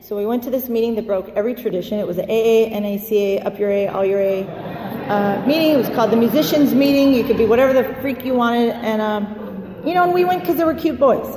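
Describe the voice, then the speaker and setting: A woman in her forties telling a personal story in a lively, candid way, acting out the voices she quotes. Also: fairly high pitch, fast talker, a crowd in the background. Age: 40s. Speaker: speaker sharing a recovery story. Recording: echoey hall, faint background noise.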